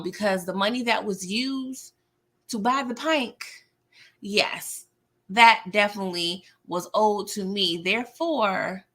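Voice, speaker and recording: A woman's voice: mid-range voice, sharp tone. A young adult woman recapping a TV episode in a chatty, slangy way, laughing often and talking to viewers as y'all. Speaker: TV recap vlogger. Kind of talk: casual recap talk.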